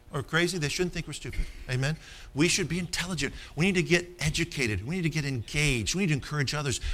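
A man's voice: fairly high pitch, bright, forceful tone. A man preaching a sermon, telling stories and calling for amens from the congregation. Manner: storytelling, rousing, calls for amens.

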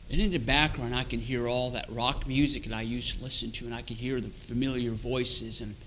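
A man giving an emotional personal testimony, repeating phrases and moving from hushed to loud. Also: mid-range voice, steady tone, a little fast, few pauses, a little hiss or hum. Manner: emotional, repetitive storytelling that swells from hushed to loud.

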